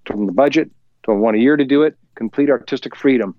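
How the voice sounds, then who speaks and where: A man's voice: mid-range voice, muffled recording, slight background noise. A male musician telling a story in an interview from his home recording studio, acting out the voices of the people he quotes and chuckling as he goes. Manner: talks faster when excited. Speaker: musician guest.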